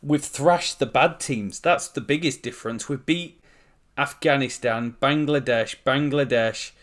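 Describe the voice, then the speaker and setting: Guy rambling through his game, excitable and jokey, mid pitch. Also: measured pace. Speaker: gaming channel host. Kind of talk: let's-play game commentary.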